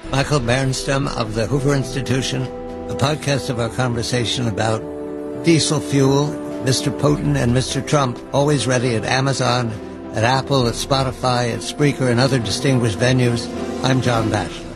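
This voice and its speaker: A man hosting a radio interview, asking brisk, leading questions. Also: mid-range voice, steady tone, loud music behind the voice. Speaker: radio host.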